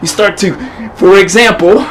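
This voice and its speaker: A man delivering a profane, manic improvised comedy rant to the camera, often shouting. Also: sits high, normal speed, slight background noise, low-quality recording. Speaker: performer of an improvised comedy monologue.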